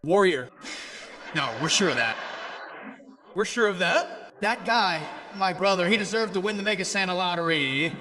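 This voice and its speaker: Brazilian stand-up comic, man, high bright voice, teasing crowd-work banter. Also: normal speed. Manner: teasing, animated, laughing often. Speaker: stand-up comedian. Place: comedy stage before an audience.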